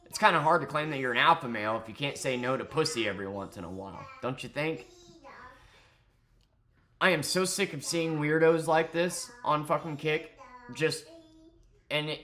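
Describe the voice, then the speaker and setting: A man's voice: on the high side, normal speed, long pauses, sharp tone. A man ranting in angry, profane, mocking commentary about an online influencer. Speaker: commentary YouTuber.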